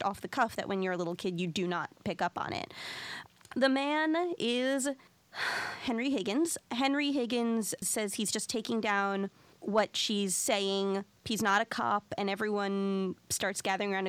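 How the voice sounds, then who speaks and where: A woman co-hosting a podcast, talking in a quick, chatty, animated way. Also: mid-range voice, smooth, no room sound. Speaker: podcast co-host. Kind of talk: casual podcast chat.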